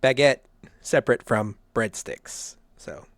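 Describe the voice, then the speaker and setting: A man hosting a relaxed podcast, talking at a middle pitch. He rambles a little, repeats himself and laughs easily. The sound is dry and close, with no room around it. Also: takes it slowly, dry recording. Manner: laughs often, repeats himself, many fillers. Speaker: podcast host. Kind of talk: casual chat.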